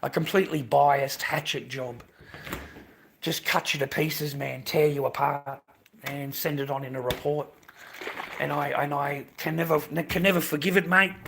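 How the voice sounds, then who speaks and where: A man's voice: mid-range voice, gravelly, fairly bright tone, slight background noise. A man on a live stream ranting with agitation, repeating himself, stumbling over his words and swearing. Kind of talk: emotional livestream rant.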